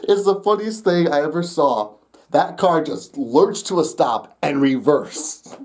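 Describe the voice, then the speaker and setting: A young adult talks to the camera in a loose, rambling storytime, laughing between lines and swearing without fuss. The voice is dark and mellow in tone. Its pitch swings widely as the story goes on. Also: expressive, slow. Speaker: vlogger.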